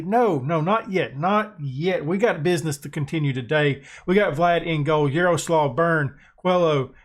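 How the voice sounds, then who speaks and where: American guy, gaming commentary, excitable, self-mocking, a bit high-voiced. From United States. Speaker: gaming YouTuber. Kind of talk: casual gameplay commentary.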